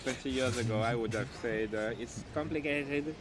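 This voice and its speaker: A man from France with a French accent, a native French speaker, chatting casually in English and explaining things in a halting way with dry humor. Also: mid-range voice. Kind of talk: casual chat.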